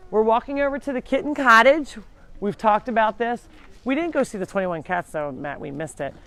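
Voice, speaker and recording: A woman's voice: fairly high pitch, expressive, brisk, fairly bright tone. A woman hosting a live farm sanctuary tour, chatting to viewers and calling to the animals as she walks around the farm. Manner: chatty, talks to the animals while touring. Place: farm, walking between buildings.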